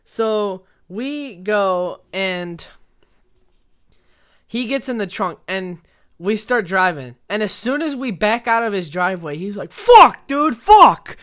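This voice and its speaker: A man's voice: high-pitched, animated, slow, a bit bright, clean tone. A young man vlogger casually telling a story, rambling and swearing as he laughs along. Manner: rambling, profane, laughs through his story.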